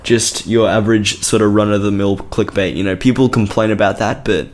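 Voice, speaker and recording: A man's voice: on the low side, steady tone, fairly quick. A young man co-hosting a podcast, talking casually with lots of fillers and frequent laughter. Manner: rambling, laughs often, many fillers. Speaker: podcast co-host. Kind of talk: casual chat.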